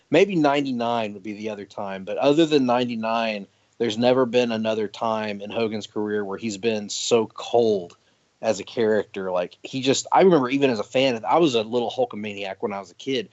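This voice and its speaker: Animated man telling stories, dry muffled mic. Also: on the low side, brisk, dry recording. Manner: animated storyteller, laughs often, many restarts. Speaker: podcast guest. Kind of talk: casual chat. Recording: dry muffled podcast audio.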